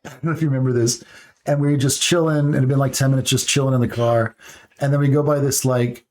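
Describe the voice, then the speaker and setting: A man, a comedian, telling road stories in a lively casual interview. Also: mid-range voice, quick pace. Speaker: guest comedian. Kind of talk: casual chat.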